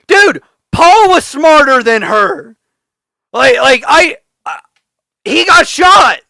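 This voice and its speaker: A man's voice: extremely high pitch, very animated, takes it slowly, vocal fry, pushed and bright, no room sound. A man co-hosting a podcast, ranting in heavy profanity and laughing often in casual chat. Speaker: podcast co-host.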